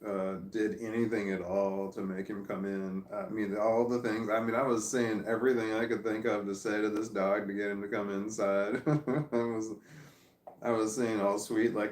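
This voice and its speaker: A man's voice: fairly low pitch, flat delivery, moderate pace, darkish tone, reverberant. A sleepy man rambling chattily at home, talking casually to the camera. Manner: meandering, chatty, self-amused. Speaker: vlogger. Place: at home with his dog.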